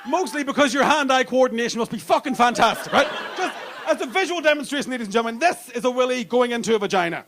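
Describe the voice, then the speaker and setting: A man's voice: extremely high pitch, animated, fast, few pauses. A male stand-up comedian telling crude stories on a comedy club stage into a handheld mic. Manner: brash, crude storytelling. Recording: live club with audience noise.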